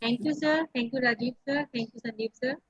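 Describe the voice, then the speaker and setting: A woman with a husky voice makes formal, courteous announcements as the webinar compere. Her pitch sits a little high, and the sound is dry and dull, like lo-fi audio. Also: steady tone, a little fast, no echo.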